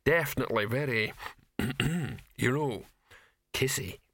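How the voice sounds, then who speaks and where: A man voicing a gruff male troll, a film extra, talking bluntly and grumbling. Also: medium pitch, unhurried, fairly bright tone, no echo, studio quality. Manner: blunt, plain-spoken, grumbling.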